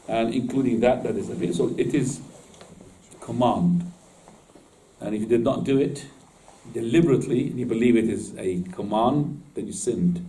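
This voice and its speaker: A man's voice: medium pitch, dark tone, far from the mic, low-quality recording. A man teaching Islamic law to a class in casual, informal speech, often asking his students questions and laughing at his own jokes. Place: mosque classroom.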